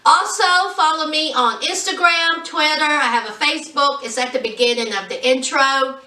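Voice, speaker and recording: In an echoey room, somewhat off the mic and distant, a woman with a high, bright voice sassily recaps a reality show for her channel. Her moderate-paced casual chat is animated, and she plays out everyone she quotes.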